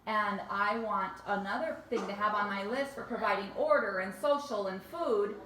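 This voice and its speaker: A woman leading a panel discussion, speaking in a thoughtful, measured and reflective way. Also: medium pitch, a crowd in the background. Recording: echoey room.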